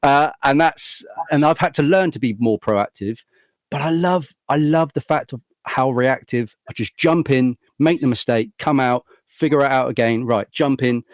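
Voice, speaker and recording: A man's voice: mid-range voice, normal speed. A man hosting a casual podcast conversation, speaking in a loose, thinking-aloud way. The recording is dry, with no room reverb. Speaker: podcast host. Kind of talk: casual interview chat.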